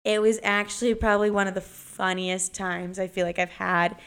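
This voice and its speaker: A young adult woman hosting a podcast, telling stories in a casual, animated way, swearing freely and saying "like" a lot. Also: mid-range voice, normal speed, clean tone. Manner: animated, jumps into acted-out voices. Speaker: podcast host. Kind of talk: casual storytelling.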